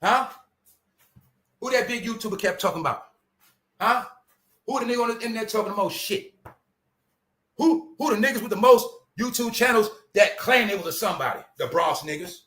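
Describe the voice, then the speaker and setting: This Brooklyn, New York YouTube commentator speaks in a high, expressive voice that's brisk and a bit bright, pausing often. With his New York accent, he rants profanely and emphatically on his own, answering his own points over and over with "that's right."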